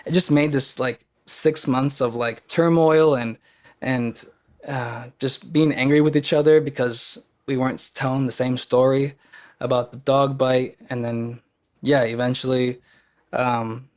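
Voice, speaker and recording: A man's voice: mid-range voice, steady tone, a little slow, darkish tone. A man, a podcast guest, telling a personal story in a casual, earnest and openly emotional way.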